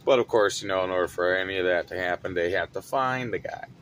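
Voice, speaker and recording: A man telling a story from his retail job in an animated, dramatic way. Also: low-pitched, fast, slight background noise. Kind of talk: casual storytelling vlog.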